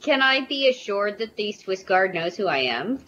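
A woman playing in a tabletop game, declaring her actions hesitantly, with many pauses. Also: mid-range voice, sing-song, fairly bright tone. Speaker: player. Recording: dull lo-fi audio with faint noise.

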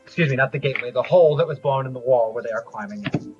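A man narrating as game master, describing scenes and rulings in a measured way with frequent pauses. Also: medium pitch, soft background music. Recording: dull lo-fi audio.

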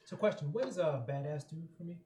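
A man's voice: on the high side, quick pace, mellow, slight background noise. A man playing a tabletop game, chatty and joking, with hesitant restarts. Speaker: player. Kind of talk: casual tabletop play. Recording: echoey room.

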